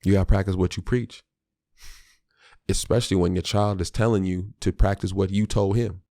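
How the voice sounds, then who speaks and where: A man's voice: deep voice, steady tone, normal speed, gravelly, dark tone, no echo, clean studio sound. A man hosting his own podcast, a father talking in a reflective, candid and slangy way, often restarting his sentences. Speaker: podcast host; father of a small child. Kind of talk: solo podcast monologue.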